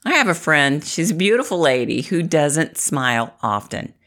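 A middle-aged woman from the Midwest speaks with a low, lively voice that rises and falls a lot. She talks to the viewer in a chatty, encouraging way, often laughing. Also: moderate pace. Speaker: inspirational vlogger. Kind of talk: upbeat motivational talk to camera.

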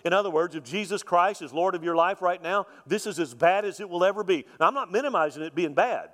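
A male pastor preaching a sermon in a folksy, joking way, swinging from loud emphasis to soft, quiet lines. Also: high voice, quick pace. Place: church sanctuary. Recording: long reverb of a church hall.

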